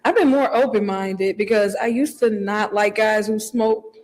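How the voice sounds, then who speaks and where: A woman's voice: medium pitch, unhurried, darkish tone. Candid emotional woman contestant. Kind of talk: dating show conversation.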